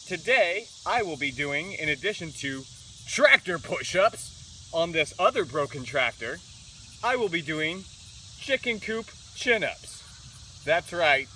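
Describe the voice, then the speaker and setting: High, bright-voiced man joking outdoors. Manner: playful, upbeat and jokey. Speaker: vlogger doing a fitness challenge. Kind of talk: casual to-camera vlog. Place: outdoors on a farm. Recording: distant outdoor mic with faint rural noise.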